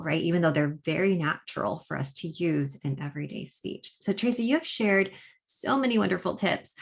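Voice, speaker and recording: A woman hosting an interview, asking friendly, affirming questions. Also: low voice. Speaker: host.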